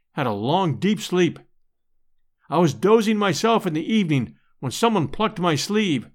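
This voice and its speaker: A man narrating a novel as an audiobook reader, in a measured, expressive storytelling manner. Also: fairly high pitch.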